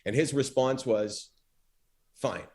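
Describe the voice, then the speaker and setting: A middle-aged man, once a talk show host, talks freely as a podcast guest. His voice sits at an ordinary pitch but swings widely as he acts out the people in his stories. He talks casually, with plenty of fillers and restarts. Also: moderate pace. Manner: animated storyteller, acts out quoted dialogue with big pitch swings. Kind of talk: storytelling interview talk.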